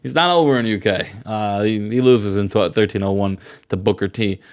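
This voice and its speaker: A man's voice: fairly low pitch, fairly quick. A man recapping a game playthrough with a co-host in casual, playful, laughing commentary. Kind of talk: casual let's-play commentary.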